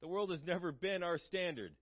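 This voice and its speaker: A man's voice: high-pitched, animated, fairly quick, muffled recording. A man preaching a sermon in an earnest, conversational way, asking his listeners questions.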